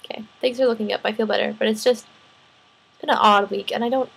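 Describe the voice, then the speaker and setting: A young woman in her twenties, a student teacher, talking through her week in a rambling, animated vlog, sounding tired. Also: fairly high pitch, fast, vocal fry, breathy edge, poor audio. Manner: rambling, animated, restarts and laughs often. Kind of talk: casual personal vlog venting.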